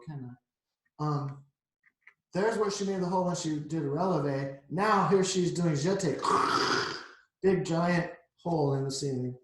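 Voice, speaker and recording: A middle-aged man reads a children's picture book aloud, stopping often to chat about the pictures. His voice sits a little high for a man. The recording rings with heavy room echo. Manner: chatty, explains the pictures to kids. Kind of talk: read-aloud storytime. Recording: echoey room.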